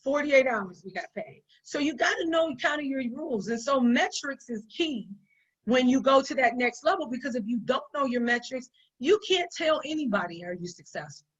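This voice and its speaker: High-voiced emphatic businesswoman, lo-fi. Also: lively intonation, normal speed, fairly bright tone, husky. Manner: emphatic, repeats points for stress. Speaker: business owner, guest. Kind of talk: conversational business advice. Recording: dull lo-fi sound.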